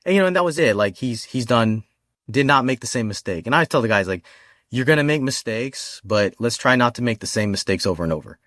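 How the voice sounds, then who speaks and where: A man as a podcast guest, in casual chat, telling relaxed stories and quoting what he told his handlers. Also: mid-range voice, brisk, no room sound, clean studio sound. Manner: relaxed storyteller who quotes himself. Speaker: podcast guest, police dog trainer.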